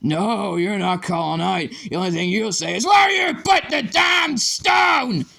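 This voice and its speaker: A man voicing a manic, violent male chemistry teacher who rants and shouts desperately. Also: on the high side, a little slow, vocal fry. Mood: menacing.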